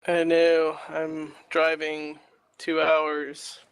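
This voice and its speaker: A man's voice: fairly high pitch, monotone, drawn-out words, smooth, dry recording, rough recording. A man from Canada chatting on a podcast with laid-back short replies. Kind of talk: casual banter.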